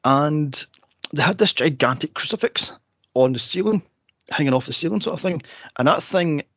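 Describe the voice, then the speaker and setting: A man co-hosting a casual movie podcast, telling stories and acting out scenes with sudden high squeals. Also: normal speed, no echo, lo-fi sound. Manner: animated storyteller, acts out scenes in high squeals. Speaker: podcast co-host.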